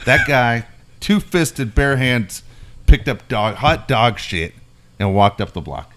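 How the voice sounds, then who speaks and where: A man's voice: medium pitch, slow. A middle-aged man co-hosting a casual sports talk show, telling stories animatedly and swearing freely. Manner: animated storyteller, swearing freely, many restarts. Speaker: podcast co-host. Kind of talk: casual sports chat and storytelling.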